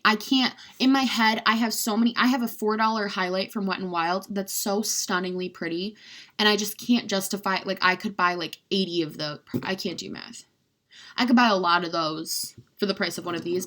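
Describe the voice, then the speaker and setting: Young woman vlogger, casual and rambly, gushes and teases herself, mid-pitched everyday voice. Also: a bit bright. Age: young adult. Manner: rambling, chatty, heavy use of "like"; gushing, self-mocking. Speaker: beauty vlogger. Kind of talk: casual chat.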